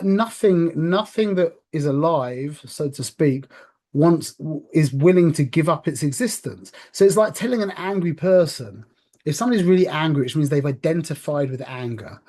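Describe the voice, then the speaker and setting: A man's voice: a little high, darkish tone. A man giving an informal spiritual talk, conversational and full of restarts, often checking in with "yeah?". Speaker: religious speaker.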